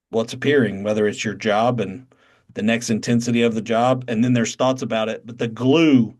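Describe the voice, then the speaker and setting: Southern man, blunt, swears for emphasis, spiritual teacher, video call. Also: medium pitch. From North Carolina. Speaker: satsang teacher.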